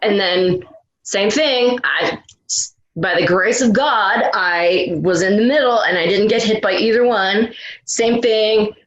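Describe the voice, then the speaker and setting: A woman's voice: mid-range voice, takes it slowly, highs cut off. A woman, a retired rescue swimmer, telling a story in a casual interview, full of restarts and laughs. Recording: roomy, echoey room.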